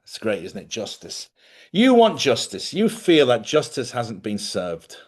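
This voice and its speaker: A man hosting a spiritual live stream, chatty and animated, often laughing as he talks. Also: mid-range voice, unhurried, breathy edge. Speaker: spiritual host.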